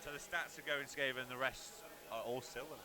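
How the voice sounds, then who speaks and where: A man's voice: mid-range voice, steady tone, fairly quick, bright, forceful tone. A man co-commentating a live stream at a tournament venue, hesitant and stammering, self-deprecating. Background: crowd chatter.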